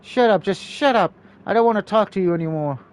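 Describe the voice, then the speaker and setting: A man's voice: on the high side, lively intonation, normal speed, a little mellow, lightly acted. A man voicing a bitter, worn-out young witch. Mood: angry. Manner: angry, bitter, breaking down. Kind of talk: reading a game aloud with voices.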